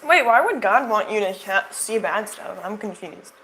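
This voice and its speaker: A woman's voice: mid-range voice, lively intonation, normal speed, a bit bright, a little hiss or hum, rough recording. Sarcastic young woman doing commentary. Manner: sarcastic, rambling with fillers. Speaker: commentary channel host. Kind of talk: casual reaction commentary.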